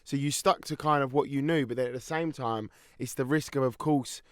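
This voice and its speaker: A man co-hosting a casual chat show, playful and animated in banter. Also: mid-range voice, fairly quick. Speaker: co-host.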